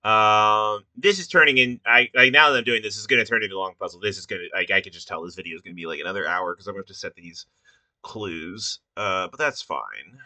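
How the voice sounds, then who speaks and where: A man with a low but very bright, sharp-edged voice thinks aloud in a casual, halting way, full of fillers and pauses. The sound is dry and close, with no room echo. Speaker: puzzle maker.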